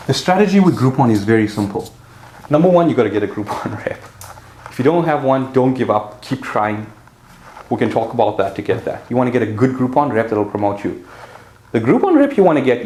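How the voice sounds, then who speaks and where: A man's voice: mid-range voice, very animated, a little fast, darkish tone, a little hiss or hum. A man with a South African accent coaching a group on fitness business marketing, talking directly and punchily and checking in with his listeners. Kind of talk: marketing seminar talk. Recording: roomy echo.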